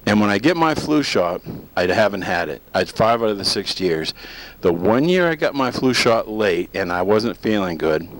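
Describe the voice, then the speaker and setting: Man, middle-aged, host, casual solo talk, low-ish voice, rambling, joking. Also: fairly bright tone, rough recording. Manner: rambling, jokey, breaks into silly voices.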